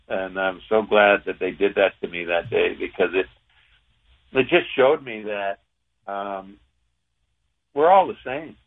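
A man with a fairly low voice tells an old locker-room story in a relaxed, rambling way, dropping the odd curse word. He is a former pro hockey player speaking as a guest. His voice comes through a narrow, tinny phone line. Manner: relaxed, rambling, salty language. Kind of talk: casual anecdotal storytelling.

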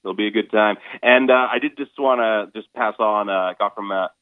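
A man with a very low voice, a stage performer interviewed as a guest, explains his stage show over a narrow, tinny phone line. He talks casually and haltingly, filling pauses with ums and restarting sentences, and the sound is dry and close with no room sound.

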